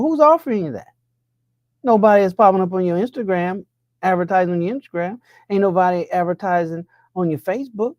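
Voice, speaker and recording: A slightly mellow male voice belongs to a money coach sermonizing on finances, rapid-firing rhetorical questions with a pitch that rises to stress key points. Clean studio sound, recorded dry.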